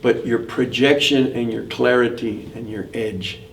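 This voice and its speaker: An older man giving a vocal workshop, demonstrating his technique by switching between nasal and clear tones. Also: mid-range voice, steady tone, unhurried. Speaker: mariachi vocal instructor. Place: school room during workshop. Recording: distant mic with faint room noise.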